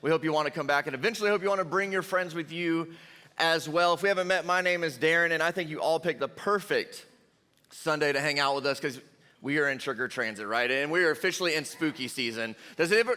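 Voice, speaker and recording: A young man giving a lively, jokey youth sermon and talking straight to the crowd. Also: a little high, fast talker. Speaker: youth pastor. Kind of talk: energetic youth sermon storytelling. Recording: long hall reverb.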